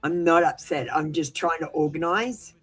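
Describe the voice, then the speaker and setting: Blunt, low-voiced woman reading tarot live. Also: normal speed, husky, faint music behind, rough recording. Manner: blunt and direct, managing the chat queue; reassuring when viewers feel ignored. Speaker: live tarot reader hosting a stream. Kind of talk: casual live-stream chat with viewers.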